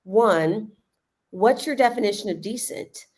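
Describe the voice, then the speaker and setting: A woman living in Lisbon, giving casual, animated explanations on a livestream and laughing often. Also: mid-range voice, a little slow, husky. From United States.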